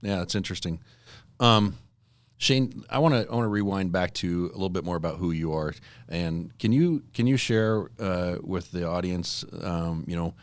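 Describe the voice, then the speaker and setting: Podcast host, very low male voice, dry close sound, relaxed and encouraging. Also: no room sound. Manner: easygoing, prompting the guest with short reactions. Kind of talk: casual interview.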